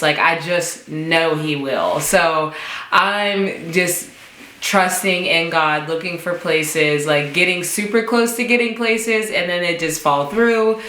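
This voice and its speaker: A young woman in her twenties telling a casual storytime vlog, acting out quoted dialogue with sudden jumps up in pitch. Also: bright, forceful tone. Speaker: vlogger. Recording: echoey room.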